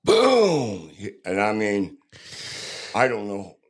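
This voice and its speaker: An older man, a podcast guest, telling his own story candidly in a plainspoken, halting, rough-edged way. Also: low-pitched, darkish tone.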